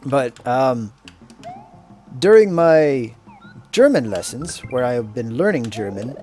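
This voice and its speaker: A man in the middle range of pitch, chatting casually while he plays, drifting from story to story at an unhurried pace. Faint game music sits quietly under his voice. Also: animated. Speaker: streamer and English teacher. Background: faint video game music.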